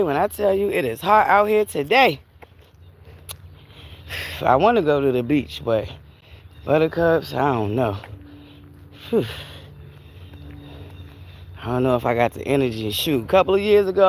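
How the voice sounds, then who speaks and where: A woman walking by a river on a casual livestream speaks in a low-pitched, unhurried voice with long pauses, a little winded from the heat. Chatty and animated, she laughs often and calls viewers Buttercups. A bit of hiss or hum sits underneath.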